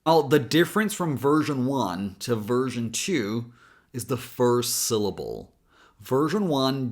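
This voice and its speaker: An American man coaching pronunciation, taking each word apart syllable by syllable. He talks slowly and with a lively, rising and falling pitch, spelling out sounds carefully for learners. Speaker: accent coach. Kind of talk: pronunciation lesson.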